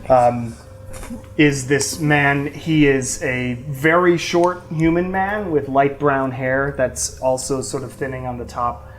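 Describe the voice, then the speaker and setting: A woman narrating as game master of a tabletop game, pausing often with ums as she describes scenes. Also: very deep voice, fairly even intonation, a little hiss or hum. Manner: hesitant, many ums.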